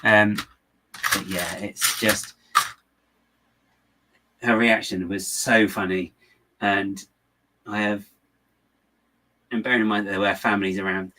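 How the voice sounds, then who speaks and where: Rambling man, low voice, noisy room. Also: unhurried, pauses often, sharp tone. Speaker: LEGO builder and channel host. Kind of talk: casual chat while building, replying to viewers.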